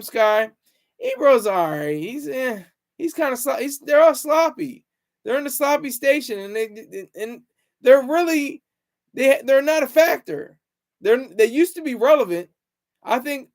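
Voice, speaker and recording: Guy with a pretty high voice, rambly livestream chat, laughs a lot. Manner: rambling, chuckling, frequent restarts. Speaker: livestream host. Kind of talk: casual livestream chat reading comments.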